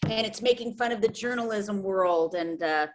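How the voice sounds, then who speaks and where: A woman actress chatting on a video call, playful and animated. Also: medium pitch, normal speed, noisy background. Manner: playful, animated, does silly voices. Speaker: guest, actress. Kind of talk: casual video-call chat.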